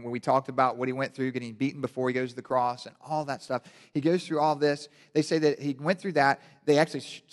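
A male pastor giving a casual, animated sermon with joking asides, often restarting his sentences. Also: fairly high pitch. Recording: long hall reverb.

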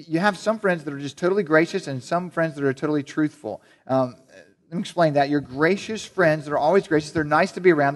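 A pastor preaches to his congregation in an easy, talky way, with a voice sitting a little higher than most men's. He keeps asking the room questions and stumbles into restarts and repeated words. It is a plain church sermon, loose rather than polished. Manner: conversational, asks the congregation many questions. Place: church service before a congregation.

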